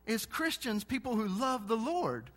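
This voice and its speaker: A man voicing a friendly, excited male gas station clerk who talks effusively. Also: high voice, moderate pace, voice pushed up. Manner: enthusiastic, effusive.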